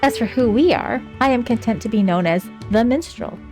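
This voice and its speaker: A woman's voice: on the high side, animated, brisk, darkish tone, faint music behind, close to an everyday voice. Woman voicing a formal wandering minstrel in a fantasy game, own voice. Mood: courteous. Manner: formal, old-fashioned phrasing. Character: mysterious polite wandering minstrel, archaic speech.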